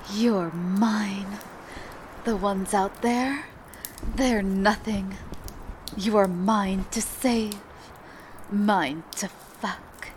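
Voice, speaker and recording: A woman voicing a dominant horned reptilian warrior queen in an adult audio role-play, talking in a slow, commanding, sultry way. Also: medium pitch, slight background noise.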